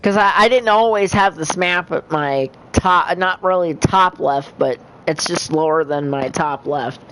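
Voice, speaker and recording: A woman hosting a live game stream, often stammering and getting excited as she plays. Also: deep voice, measured pace, a little hiss or hum, low-quality recording. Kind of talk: live-stream commentary while gaming. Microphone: desk mic, close.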